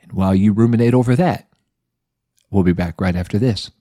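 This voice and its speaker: A man's voice: lowish voice, fairly quick, warm tone, slight background noise. A man telling a Bible story as a lesson podcast host, with folksy, playful asides.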